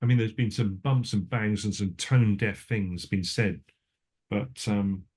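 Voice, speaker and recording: Rambling older man with a low voice. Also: steady tone, a little slow, darkish tone, slightly rough. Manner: rambling, self-interrupting storyteller; frequent restarts and asides. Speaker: cinematographer. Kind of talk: casual interview.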